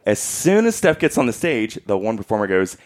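A man telling a story in casual chat, animated, laughing often and acting out what people said. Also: fairly low pitch, brisk.

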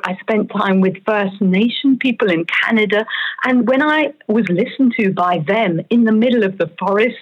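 A woman's voice: mid-range voice, husky. A woman, an author and coach, explaining her ideas step by step in an earnest interview. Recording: dull lo-fi audio.

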